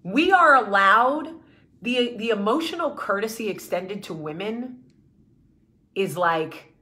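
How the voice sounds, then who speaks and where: A woman's voice: medium pitch, expressive, takes it slowly, sharp tone. A woman hosting her vlog, giving an impassioned, blunt monologue with swearing and repeated rallying phrases. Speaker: vlog host.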